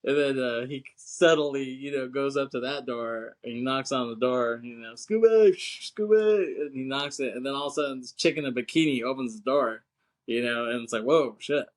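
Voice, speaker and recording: A man's voice: medium pitch, fairly even intonation, a little fast. A man co-hosting a podcast, casually retelling a film scene with swearing, laughter and acted-out lines. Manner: rambling, profane, laughing often, acts out film lines. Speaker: podcast co-host.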